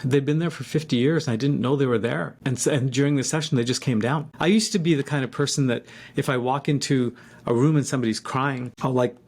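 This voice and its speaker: A man in his fifties telling a personal story in a reflective, halting way, with frequent restarts. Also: mid-range voice, steady tone, a little mellow.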